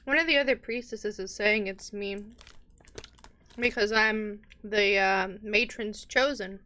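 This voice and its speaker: A woman's voice: mid-range voice, unhurried, sharp tone. A woman game master voicing a sulky, devout male tavern keeper in a tabletop game, talking casually and a little pouty.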